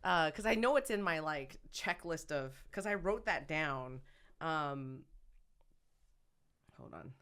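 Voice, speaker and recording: Actress guest, low-pitched woman, loose self-correcting chat. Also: slow pace, pauses often, clean tone. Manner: rambling, self-correcting, animated storyteller. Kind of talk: casual conversational interview.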